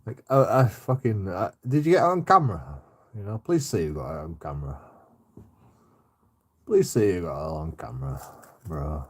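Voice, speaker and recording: A drunk man talks casually on a live stream in a deep, low voice. His tone is husky and a little rough. He swears freely and keeps slipping into laughter. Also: expressive, normal speed, long pauses. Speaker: livestreamer reading out chat.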